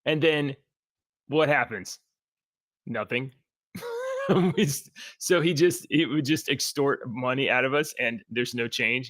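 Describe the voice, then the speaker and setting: A man's voice: medium pitch, fairly bright tone, dry recording. A man co-hosting a casual political chat show, talking in a rambling, exasperated and sarcastic way. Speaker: co-host.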